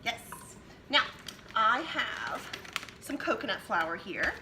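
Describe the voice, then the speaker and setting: A woman's voice: on the high side, sing-song, slow pace, heavy background noise. A woman hosting a home cooking demonstration, chatting her way through each step as she works in her kitchen. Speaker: cooking show host.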